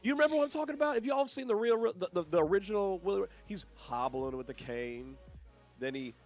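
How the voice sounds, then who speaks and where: A young man co-hosting a podcast, telling stories in an excitable, animated way, his sinuses stuffed up. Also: high-pitched, fast, soft background music. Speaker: podcast co-host. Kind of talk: casual chat.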